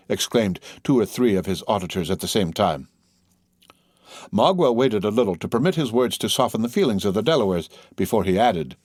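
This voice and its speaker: Low-voiced male audiobook narrator. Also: brisk, no room sound, clean studio sound. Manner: even, formal reading. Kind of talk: scripted narration.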